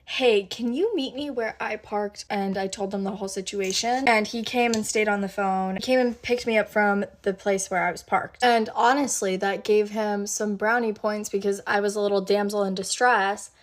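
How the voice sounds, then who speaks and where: A woman vlogger telling a date story in a chatty, animated way, full of "like" fillers. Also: medium pitch, moderate pace, few pauses. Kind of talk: casual storytime chat.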